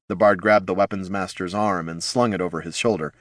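A man narrating a fantasy audiobook in a steady, measured storytelling manner on a close studio mic. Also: deep voice, dry recording.

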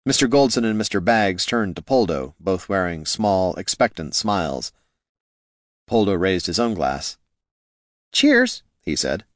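A man narrating a fantasy story aloud in expressive scripted narration. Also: low voice, moderate pace, no room sound, studio quality. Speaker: audiobook narrator.

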